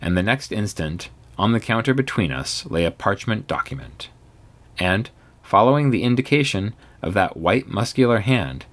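A man narrating a Victorian ghost story in the first person, with a measured, theatrical delivery. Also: fairly low pitch, lively intonation, a bit bright.

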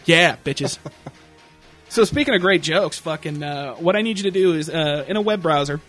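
High-voiced man riffing crudely. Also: moderate pace, a bit bright, faint music behind. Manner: profane, mocking, loose and joking. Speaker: podcast co-host. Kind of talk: crude comedic podcast banter.

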